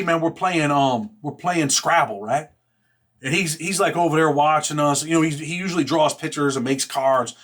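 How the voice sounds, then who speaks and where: A man with a slightly raised pitch tells a hard story in loose, rough slang. He talks bluntly and curses freely. He keeps checking in with "right?" and "man". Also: fairly bright tone. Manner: blunt and profane. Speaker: show host telling a personal story. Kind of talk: casual spoken storytelling.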